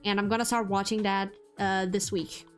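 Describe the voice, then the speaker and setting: A young woman talks casually to her viewers, rambling and restarting her sentences with plenty of fillers. Her pitch sits in a middle range. Faint background music plays under her voice. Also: flat delivery, normal speed. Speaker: streamer.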